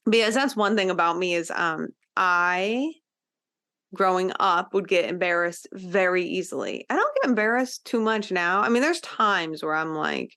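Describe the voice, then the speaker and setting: A woman's voice: on the low side, expressive, normal speed, fairly bright tone. Casual, emphatic woman telling a story. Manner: casual and emphatic, frequent "like" fillers and swearing; earnest, driving home lessons to the listener. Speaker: podcast host. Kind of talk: personal storytelling monologue.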